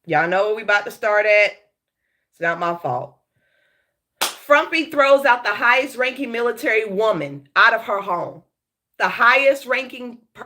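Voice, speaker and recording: Lady hosting a live stream, cussing, bit of a lisp from braces, kinda high and bright. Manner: blunt, swearing, greets chat viewers by name. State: sick. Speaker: live show host. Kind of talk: casual live-stream chat.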